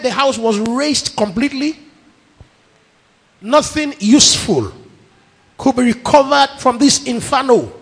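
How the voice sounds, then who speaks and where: A man's voice: extremely high pitch, vocal fry, a bit bright, slightly rough. A middle-aged man with a Nigerian accent preaching a sermon, emphatic, piling up repeated phrases. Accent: Nigerian English. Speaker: pastor. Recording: long echo of a large hall.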